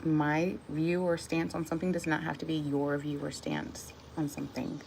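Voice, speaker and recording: A woman with a deep, gravelly voice speaks at a moderate pace with little pitch movement, recorded in low quality with slight background noise. As a vlogger, she muses casually about her views and then reads a short devotional aloud, meandering with soft laughs and restarts.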